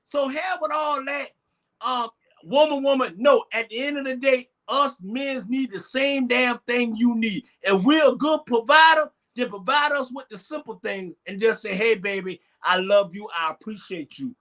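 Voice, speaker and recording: A man hosting a late-night talk show, lecturing his audience with emphatic, often shouted lines. His voice sits unusually high and has a bright, forceful edge. He swears freely to drive his points home. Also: moderate pace. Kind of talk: casual talk show chat.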